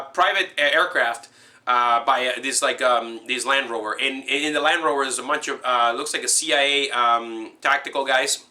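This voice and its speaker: A man excitedly recapping a movie scene in a rambling, casual way, full of fillers and restarts. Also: medium pitch. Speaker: movie fan recapping a film.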